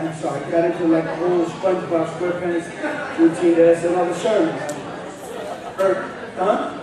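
A man preaching a revival sermon in street slang, often shouting his points. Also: fairly high pitch, flat delivery, moderate pace, crowd noise. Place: church sanctuary. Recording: echoey hall, distant mic.

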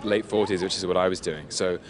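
A man's voice: deep voice, fairly even intonation, fairly quick. A British man, an actor, chatting animatedly in an interview at a premiere, laughing and restarting his sentences as he talks. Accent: British English. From Britain. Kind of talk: red carpet interview. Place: outdoors at a busy premiere. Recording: loud crowd behind. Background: crowd noise.

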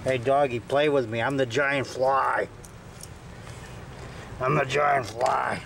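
Giant fly monster, buzzy and playful, voiced by a man, gravelly, far from the mic. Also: mid-range voice, steady tone, slow. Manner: buzzing, goofy, talks to a dog. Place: outdoors. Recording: distant outdoor recording with loud background noise.

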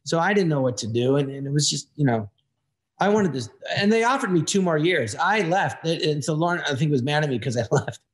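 Animated older male comedian telling stories. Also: fairly high pitch, brisk. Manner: animated, acts out the people he quotes. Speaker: comedian guest. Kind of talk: anecdotal storytelling in casual chat.

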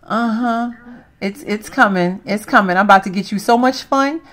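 A woman's voice: mid-range voice, normal speed, fairly bright tone. A woman hosting a let's play, chatting to her viewers as she plays and laughing at herself. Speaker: gaming channel host.

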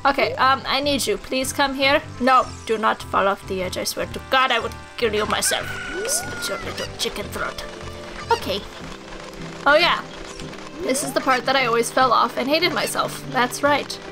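Giggly high-voiced woman gaming. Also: normal speed, rough recording. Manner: goofy, crude and giggly. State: loopy. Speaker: let's player. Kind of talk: gameplay commentary. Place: small hot recording room. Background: game music.

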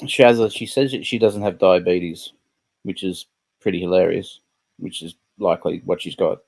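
A man's voice: sits low, fairly even intonation, normal speed, vocal fry, darkish tone. A man giving sarcastic commentary over a stream. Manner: sarcastic, laughing asides. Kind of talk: mocking commentary.

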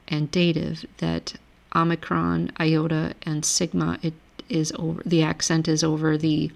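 A woman's voice: sits low, creaky. A woman giving a recorded grammar lecture over a shared screen, patiently reading word lists aloud and explaining each rule step by step. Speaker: language teacher.

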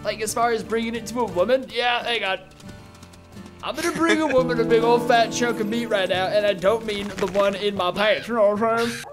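High-voiced joking young man gaming. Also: brisk, over loud music. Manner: crude, joking, laughs often. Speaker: gaming YouTuber host. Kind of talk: casual gaming commentary.

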